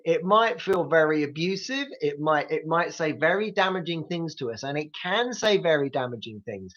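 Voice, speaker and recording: A man's voice: fairly high pitch, a bit bright, lo-fi sound. A man hosting a live grief support talk, coaching listeners directly with practical tips. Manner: coaching, speaks straight to listeners.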